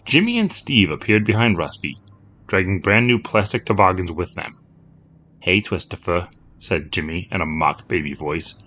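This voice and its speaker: Low, steady male storyteller reading a scripted narration with a faint hiss behind him. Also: normal speed.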